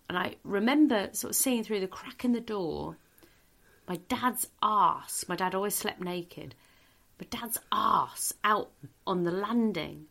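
A woman's voice: medium pitch, gravelly. A middle-aged woman, a comedian guest telling a comic anecdote in a podcast chat and laughing through it. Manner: lively storyteller, laughs through her own story.

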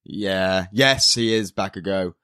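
A man's voice: deep voice, pushed and bright, clean tone, no echo, clean studio sound. A man co-hosting a podcast in casual chat, laughing often and correcting himself as he goes. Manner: giggly, quick to laugh, self-correcting. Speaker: podcast co-host.

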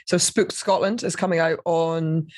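A woman's voice: low-pitched, steady tone, moderate pace, a little mellow, dry recording, studio quality. A woman chatting as a podcast guest, candid and swearing freely as she acts out little quotes. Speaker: podcast guest, TV paranormal investigator. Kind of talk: casual chat.

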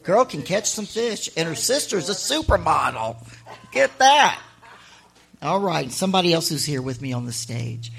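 A middle-aged woman and author telling stories live on stage to an audience, chatty and animated, with laughing asides. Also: deep voice, moderate pace, creaky. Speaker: author and honorary mayor addressing an audience.

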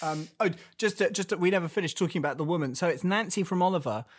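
A man's voice: sits high, fast, no room sound. A man co-hosting a casual film podcast, rambling and joking, laughing often. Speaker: podcast co-host. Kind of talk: casual chat about films.

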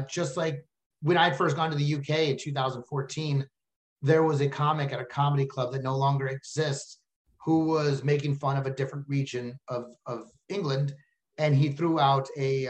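A man with a Texan accent, a comedian chatting casually and telling animated stories as a podcast guest. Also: mid-range voice, moderate pace. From Texas. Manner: animated storyteller, slips into silly voices.

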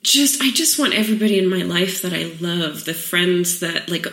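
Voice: medium pitch, expressive, normal speed, sharp tone. A guest chatting casually, self-mocking and laughing at their own remarks. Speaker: podcast guest. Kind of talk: casual chat. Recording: roomy sound.

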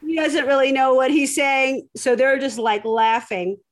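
A woman's voice: high-pitched, steady tone, unhurried. A woman hosting a podcast, telling a story in casual chat, rambling with lots of fillers and restarts. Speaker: podcast host.

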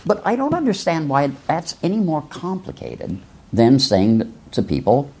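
A man's voice: on the high side, wildly swooping pitch, measured pace, darkish tone, husky. A man from rural Illinois, a philosophy professor, musing aloud in a reflective lecture-style talk full of rhetorical questions and asides. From rural Illinois, USA.

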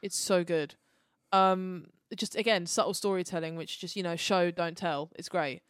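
A woman co-hosting a podcast in casual chat, animated and swearing, acting out characters' lines. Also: on the low side, moderate pace, smooth, dry recording, studio quality. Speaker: podcast co-host.

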